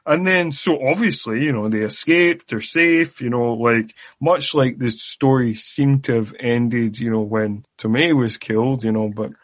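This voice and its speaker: A man co-hosts a podcast, chatting casually and rambling with plenty of fillers and wry asides. His voice is medium in pitch, his pace measured with few pauses, and the lo-fi podcast audio sounds dull.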